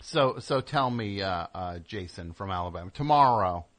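Animated, joking male radio host. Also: low voice, moderate pace. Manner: joking, rambling tangents, teasing. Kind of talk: comedic call-in radio banter.

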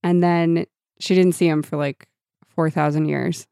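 Gravelly-voiced woman chatting about a book. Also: sits low, measured pace, no room sound, clean studio sound. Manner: animated, reads book passages aloud. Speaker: book podcast co-host. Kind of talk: casual chat.

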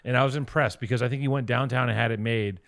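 Male co-host, mid-pitched, teasing, profane, dry close sound. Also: steady tone, quick pace, fairly bright tone, no echo. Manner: teasing, profane, mock-lecturing. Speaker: podcast co-host. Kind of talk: casual chat.

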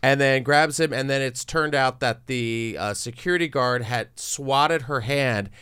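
A man from San Antonio, a podcast guest, telling a story in casual chat with an animated, joking manner. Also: mid-range voice, a little slow, clear, resonant tone, no room sound, clean studio sound. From San Antonio, Texas.

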